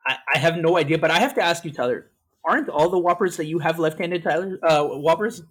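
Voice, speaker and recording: Trading stories about old pranks on a casual podcast, this co-host laughs easily and drops the odd swear in a relaxed way; his voice runs on the high side, quick, with a breathy edge.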